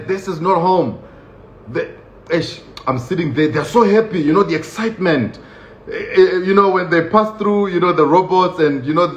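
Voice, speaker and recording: A man telling a story from his own life in a casual, conversational way, often breaking into laughter and acting out other people's lines. His voice sits at a middle pitch. The recording sounds roomy and a little dull, with faint ambience behind him. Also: slight background noise.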